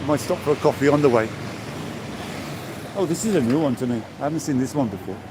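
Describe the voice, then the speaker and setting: A man in his sixties from England talks fast with lively intonation in a medium-pitched voice, amid background noise. He's live-streaming a walk along the seaside promenade, chatting and greeting viewers by name.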